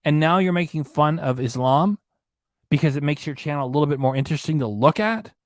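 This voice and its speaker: A man's voice: fairly high pitch, fairly quick, dry recording, clean studio sound. A man delivering angry, indignant commentary, ranting and repeating himself. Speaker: reaction channel commentator.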